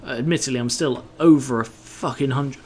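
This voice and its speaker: A man's voice: mid-range voice, brisk, darkish tone, a little hiss or hum. Grumbling, sweary man narrating gameplay. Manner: grumbling, sweary, muttering to himself. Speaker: gameplay commentator. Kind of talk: casual gameplay commentary.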